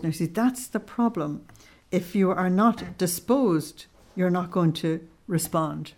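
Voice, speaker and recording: A woman teaching on a devotional text, explaining it line by line and pausing often with "uh". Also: on the low side, darkish tone. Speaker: religious teacher.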